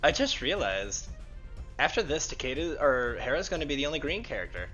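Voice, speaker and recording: A man's voice: fairly high pitch, sing-song, fairly quick, bright, forceful tone, dull audio, soft background music. A man in casual chat on a tabletop gaming stream, laughing, rambling and swearing casually. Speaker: co-game master and player.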